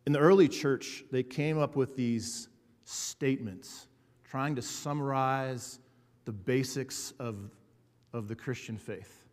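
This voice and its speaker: Male pastor, mid-pitched, earnest sermon delivery with slow emphatic builds, church hall reverb. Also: darkish tone.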